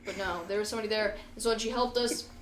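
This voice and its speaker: A young woman telling a silly improvised story in a casual comedy chat, halting and hesitant. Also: medium pitch, fairly even intonation. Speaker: co-host. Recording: echoey room.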